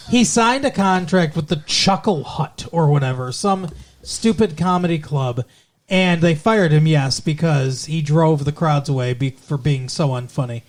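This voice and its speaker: A man co-hosting a podcast, recapping a TV show in casual chat with animated, profane ranting and lots of fillers. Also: a little high, measured pace. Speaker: podcast co-host.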